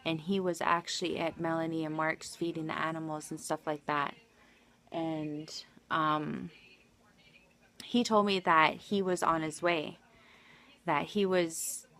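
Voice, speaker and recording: A woman's voice: low voice, fairly bright tone. A married woman livestreaming, telling a personal story in an emotional, rambling way full of restarts. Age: adult, married.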